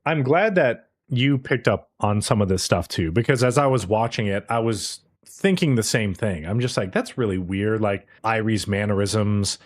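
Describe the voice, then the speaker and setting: A man co-hosting a podcast, recapping a show episode in an animated, profane, casual way. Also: on the low side, moderate pace, few pauses. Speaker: podcast co-host.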